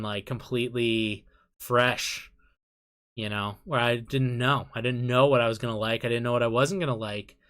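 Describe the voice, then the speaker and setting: A man's voice: medium pitch, fairly bright tone. A young man chatting casually on a live stream, reading and answering chat, swearing freely and often breaking into laughter.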